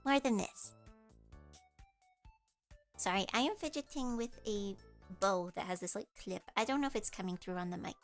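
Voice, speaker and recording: A woman's voice: medium pitch, moderate pace, long pauses, faint music behind. A woman streamer chatting casually with her viewers in a nasal voice, explaining things as she goes. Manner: chatty, explains with vocal demos.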